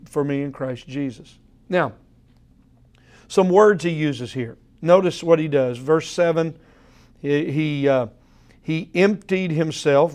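A man preaching an evening sermon, earnest and emphatic, slowing down to repeat key words and addressing his listeners directly. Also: fairly high pitch, a little mellow. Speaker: pastor.

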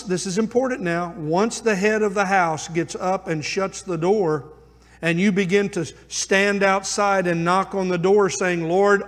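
A male pastor preaching a sermon, moving between loud urging and hushed intensity as he presses his points. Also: high voice, in a large hall.

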